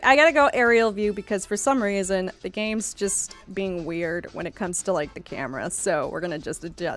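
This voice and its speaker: A woman giving casual gameplay commentary, excitable and playfully dramatic, gasping at each result. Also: medium pitch. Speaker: gaming YouTuber. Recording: faint music behind.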